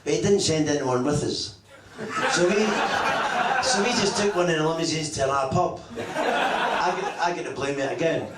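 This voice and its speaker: Recorded from afar in an echoey function room, a fairly high-pitched middle-aged Scottish man performs live on stage. A former footballer, he tells anecdotes that are profane and poke fun at himself.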